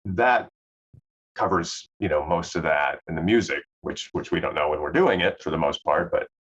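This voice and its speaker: Middle-aged guy, very low voice, faint southern accent, rambling and relaxed, kinda dull lo-fi sound. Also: moderate pace, slightly rough. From Southern US, Memphis. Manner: relaxed, rambling, many fillers and restarts. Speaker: actor guest. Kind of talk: casual interview chat.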